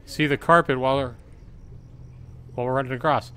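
A man's voice: medium pitch, steady tone, a little fast, long pauses, fairly bright tone, clear, resonant tone. A middle-aged man giving casual let's-play commentary at home, chatty and reading game prompts aloud. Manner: chatty, reads on-screen game text aloud. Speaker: gaming channel host.

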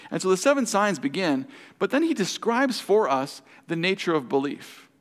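A pastor leading a Bible study, reading passages aloud and then explaining them with questions. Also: male voice, sits high, sing-song, moderate pace. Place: church hall. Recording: hall reverb.

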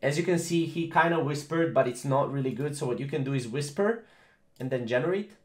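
A man's voice: medium pitch, brisk, roomy sound. A man hosting a casual tech tutorial, rambling with many fillers and repeated phrases. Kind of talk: casual screen-recorded tutorial.

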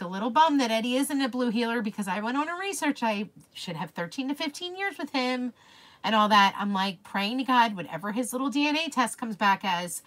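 Bright, gushing woman streaming crafts. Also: on the high side. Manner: gushing, talks to viewers by name. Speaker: craft live-stream host. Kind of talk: casual chatty livestream.

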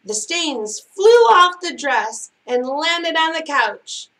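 A woman librarian reads a picture book aloud for children at story time, expressive and given to big exclamations. Her voice sits high and her pace is slow and deliberate.

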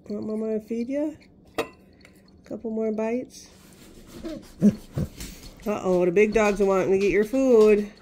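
A woman's voice: fairly high pitch, darkish tone. A woman vlogging as a pet owner, chatting casually to her puppy in gushing baby talk.

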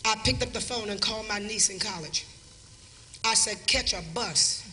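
A middle-aged woman preacher telling a story in a live sermon, calling on the crowd to answer back and swinging from low storytelling into shouts. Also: steady tone, normal speed, reverberant, big-room sound, slight background noise. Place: live church crusade.

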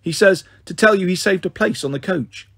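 A blunt schoolgirl who teases without mercy, as a man puts her on. The voice is raised above his own, husky, on a dry recording. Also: high voice, normal speed, a bit bright, dry recording, exaggerated voice. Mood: teasing. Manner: blunt, teasing.

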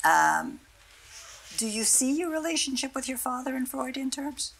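A woman's voice: high voice, sing-song, moderate pace, creaky, fairly bright tone, slight background noise, rough recording. A woman interviewing a guest on stage, asking thoughtful questions with some hesitation. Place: stage talk at a cultural center.

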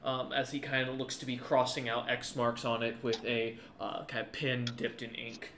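A man runs a tabletop game, narrating in a loose, rambling way that is full of fillers and restarts. His voice is mid-pitched, and the room around him is echoey. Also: little pitch movement, moderate pace, a bit bright, slight background noise. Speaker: game master.

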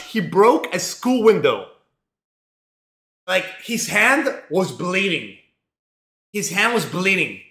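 A male streamer telling a rambling, profane story in a casual, animated way, full of fillers. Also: sits high, roomy sound.

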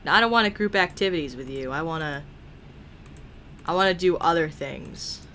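Bright, excitable woman gaming commentator. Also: sits low, normal speed, slight background noise. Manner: excitable, swears a lot, laughs often. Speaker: gaming video creator. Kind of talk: let's play commentary.

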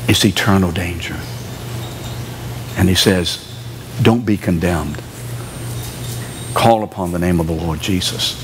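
A man preaching a sermon in a church, animated, acting out quoted voices and sometimes shouting. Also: on the low side, background noise. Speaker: pastor. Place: church sanctuary.

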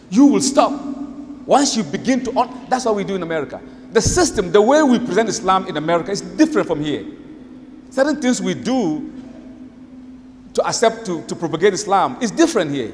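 A high-pitched man preaches in a lively, sing-song way, acting out the voices in his story. His voice carries a long echo through a large hall. There is a faint hiss of noise underneath. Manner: animated storytelling, acts out quotes. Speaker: Islamic preacher. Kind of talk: lively sermon.

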